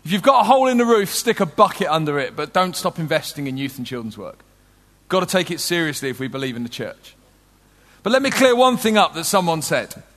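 British male preacher, middle-aged, high-pitched, humorous storytelling sermon, long hall reverb. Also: very animated, a little fast, a bit bright.

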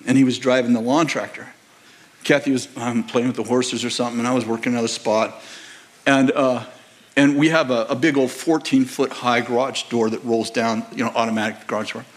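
A man preaching a sermon as a pastor, telling stories in an animated way, laughing often and acting out the voices. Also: medium pitch. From United States. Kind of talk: sermon with storytelling. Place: large church auditorium.

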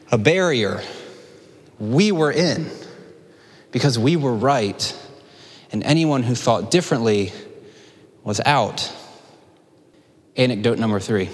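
A man's voice: on the high side, a bit bright. A man preaching a sermon as a pastor, with self-deprecating asides and joking questions to the audience. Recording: long hall reverb.

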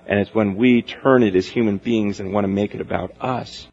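A man preaching a sermon as pastor, animated, acting out the voices of people and God in quotes. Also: lowish voice, normal speed, hardly any pauses, breathy edge. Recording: dull lo-fi recording.

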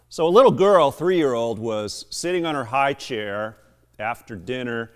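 A man's voice: medium pitch, lively intonation, unhurried, clear, resonant tone. A middle-aged man, a pastor, reading scripture and preaching a sermon with chatty storytelling asides. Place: church sanctuary. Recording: long hall reverb.

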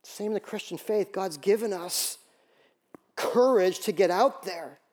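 A man pastor preaching a sermon, animated and storytelling, acting out quoted voices. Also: high voice, a little slow.

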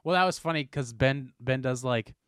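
A young American man hosting a casual podcast, telling rambling, animated stories. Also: mid-range voice, moderate pace, clear, resonant tone, dry recording, studio quality. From United States. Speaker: podcast host.

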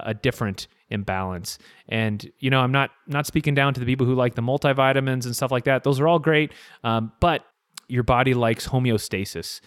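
A man in his thirties hosts a solo podcast in a relaxed, reflective tone, pausing and restarting often. His voice sits in an ordinary middle pitch. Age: 30s. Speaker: podcast host. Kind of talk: casual solo podcast talk.

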